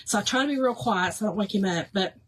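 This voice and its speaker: A woman chatting with live viewers while she works on a craft project, animated and quick to laugh, with soft near-whispered asides. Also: medium pitch, slight background noise. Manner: chatty and animated, laughs often, calls viewers "y'all" and "girl". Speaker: livestream host doing a craft project.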